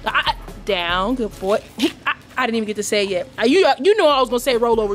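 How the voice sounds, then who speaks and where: A woman's voice: fairly high pitch, fast, hardly any pauses, soft background music. A young woman in her twenties vlogging to the camera in a casual, hyped, playful way, full of slang. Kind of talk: casual vlog talk to camera.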